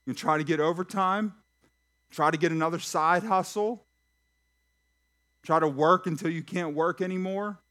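A pastor preaching a sermon in church, lively and talking straight to the congregation with questions and jokes. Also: male voice, fairly high pitch, normal speed, pauses often. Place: church sanctuary.

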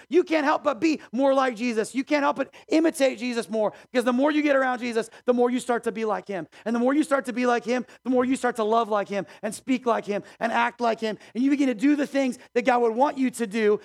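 A male pastor preaching a sermon in a church, emphatic and conversational, with animated swings in energy. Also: extremely high pitch. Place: church auditorium.

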